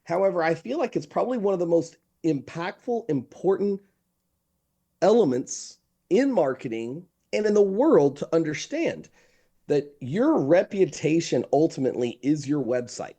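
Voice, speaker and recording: A man speaking as a marketing consultant guest in a conversational interview, emphatic and animated, repeating his key phrases and telling stories. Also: fairly high pitch, moderate pace.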